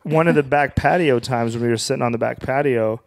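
A man's voice: medium pitch, fairly quick, gravelly. A man who is a comedian, a guest on a podcast, telling a story in a casual and profane way.

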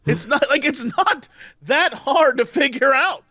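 Young male podcast co-host, high and very lively, dry close sound, opinionated casual chat. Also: measured pace, no echo. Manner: animated, opinionated ranting.

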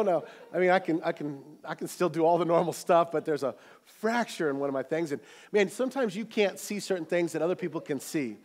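A male pastor preaching a sermon to his church, moving between loud, animated calls to the congregation and relaxed, joking storytelling. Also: a little high, fast talker. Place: church auditorium.

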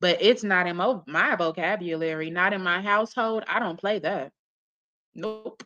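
A woman's voice: lowish voice, normal speed, pushed and bright, dull audio. A woman giving profane reaction commentary, blunt and scolding, swearing heavily as she rants. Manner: mocks others in put-on voices.

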